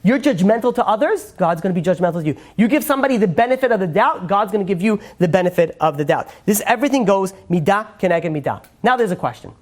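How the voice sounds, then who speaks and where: A man teaching a Torah class who speaks very quickly. He quotes Hebrew texts and then translates them, throws in joking asides, and speaks in an animated way to a live room. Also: high voice. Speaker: rabbi.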